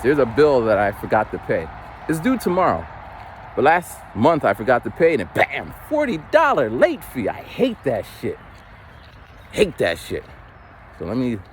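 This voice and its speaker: A man's voice: mid-range voice, a little hiss or hum. A man in his forties rambling casually while walking outdoors, loose and unpolished, swearing now and then. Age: 40s. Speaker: vlogger.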